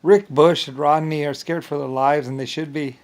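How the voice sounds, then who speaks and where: A man's voice: fairly high pitch, steady tone, normal speed. A man delivering a rambling, agitated monologue to the camera, full of profanity and stumbling restarts.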